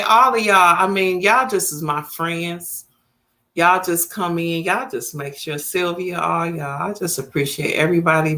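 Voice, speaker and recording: A woman's voice: lowish voice, bright, forceful tone. A woman, chatting casually with viewers as host of her livestream. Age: 50s. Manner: chatty, talks straight to viewers.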